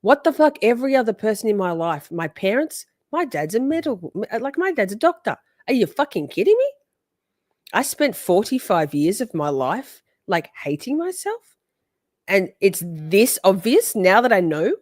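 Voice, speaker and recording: A woman's voice: medium pitch, sing-song, moderate pace, darkish tone, dry recording, clean studio sound. A woman in her forties hosting a casual livestream, teasing her chat and swearing freely. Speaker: livestream host.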